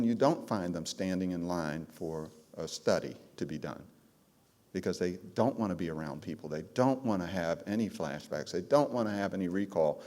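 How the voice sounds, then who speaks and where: A man with a fairly low voice teaches a room of care providers. He tells his stories with punch and calls out questions to the crowd. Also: warm tone. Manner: emphatic storytelling, calls out to the audience. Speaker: trauma trainer. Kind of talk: presentation to a live audience.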